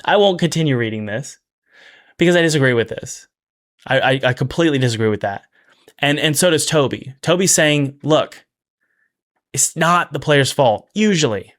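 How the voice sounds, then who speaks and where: A man with a somewhat high speaking voice hosts a relaxed commentary video on making games. He stays energetic and chatty, tripping over restarts and asides, and leans hard on the phrases he wants to land. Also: normal speed. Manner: emphatic, repeating key phrases for effect. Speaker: game developer and video host. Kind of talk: casual commentary to camera.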